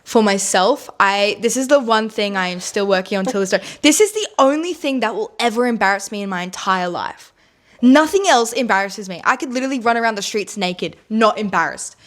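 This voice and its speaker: A young woman co-hosting a podcast in casual chat, candid and quick to swear, with many fillers. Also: mid-range voice, lively intonation. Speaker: podcast co-host.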